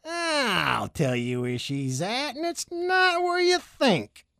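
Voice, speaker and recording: A woman's voice: on the high side, big pitch swings, slow, fairly bright tone, no echo, voice pushed up, exaggerated voice. A woman doing a sly hissing snake. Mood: sly taunting.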